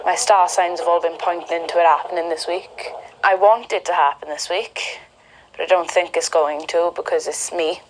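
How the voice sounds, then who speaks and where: A woman's voice: on the low side, fairly even intonation, normal speed, slight background noise, low-quality recording. A woman with a South Welsh accent, talking in a chatty, candid way in an interview. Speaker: documentary subject. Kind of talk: interview talk.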